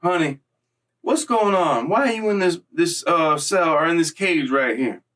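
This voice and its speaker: A man's voice: fairly high pitch, animated, unhurried, a bit bright, recorded from a distance, pitched above the performer's own voice. A man voicing a kind, motherly woman prison officer who sweet-talks an inmate. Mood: concerned. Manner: soothing, sweet-talking.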